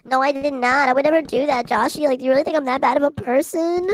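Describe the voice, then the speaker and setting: A woman's voice: high voice, fairly even intonation, quick pace, a little hiss or hum, lightly acted. A woman playing a bossy microwave sister. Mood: wheedling. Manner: whiny, demanding, teasing. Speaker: Minecraft roleplay character. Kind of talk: Minecraft roleplay video.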